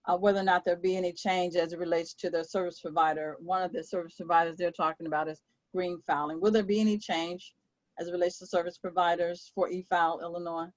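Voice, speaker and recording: A woman's voice: on the low side, fairly even intonation, quick pace, no room sound, muffled recording. A woman court clerk moderating a webinar, reading out questions and answering them with frequent ums and uhs. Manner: reads out questions, then answers with many fillers. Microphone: video call.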